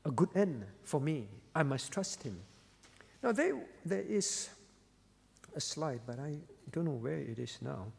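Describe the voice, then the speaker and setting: A man's voice: a little high, big pitch swings, a little slow, gravelly, in a large hall. A male pastor preaching a sermon, earnest and emphatic, repeating key phrases for weight. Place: church hall.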